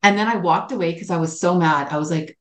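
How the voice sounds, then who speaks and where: Woman, low-pitched, podcast co-host, expressive storytelling, roomy echo. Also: quick pace. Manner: expressive storyteller, many restarts. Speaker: podcast co-host, relationship psychologist. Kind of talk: casual podcast chat.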